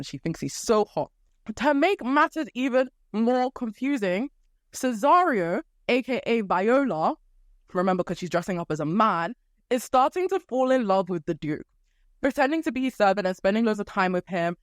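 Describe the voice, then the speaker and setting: A young woman hosting a podcast, retelling a story in a casual, playful way and acting out quick quotes from the characters. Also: mid-range voice, expressive, no echo, clean studio sound. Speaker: podcast host.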